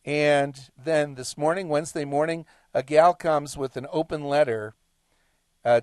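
Slow, deliberate male talk show host. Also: a little high, darkish tone, no room sound, clean studio sound. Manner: deliberate, emphatic, lecturing delivery. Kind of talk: monologue commentary.

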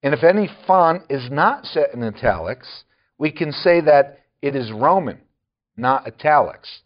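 A man's voice: medium pitch, animated, a little slow, dull audio. A man preaching a sermon, often chuckling and adding wry asides.

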